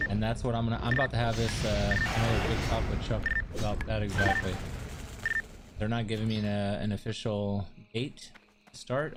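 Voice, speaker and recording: A man chatting casually on a livestream, blunt and swearing freely. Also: fairly low pitch. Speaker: streamer.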